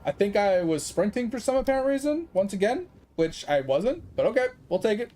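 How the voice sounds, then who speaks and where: A man's voice: high-pitched, big pitch swings, fairly quick, a little mellow. A man streaming a game, ranting in casual, sarcastic talk, swearing and acting out the people he quotes. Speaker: gaming streamer. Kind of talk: casual rant while gaming.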